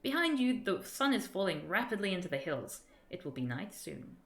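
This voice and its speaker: A woman's voice: medium pitch, big pitch swings, moderate pace, fairly bright tone. A woman streamer reading a gamebook aloud with theatrical flair, often tripping over words and starting sentences again. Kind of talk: dramatic gamebook narration on a live stream.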